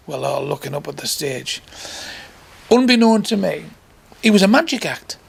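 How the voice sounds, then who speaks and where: A man's voice: fairly high pitch, lively intonation, normal speed. An older male stand-up comedian, telling a crude, rambling club story full of sound effects and voices. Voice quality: gravelly, husky.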